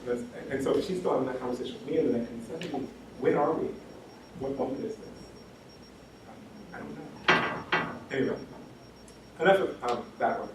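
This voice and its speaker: A man's voice: medium pitch, a little fast, long pauses. A man giving a lecture as an education scholar, impassioned, repeating phrases for emphasis with many ums. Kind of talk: lecture talk. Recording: very echoey hall, distant mic, faint noise.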